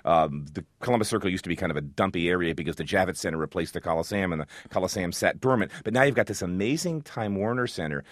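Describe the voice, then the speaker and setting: A man with a low voice talks in a lively, rambling way, piling up restarts as his enthusiasm runs ahead of him. The sound is dry and close, like a radio studio line. He keeps it casual and chatty. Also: fast, few pauses, dry recording. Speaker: food radio host as guest.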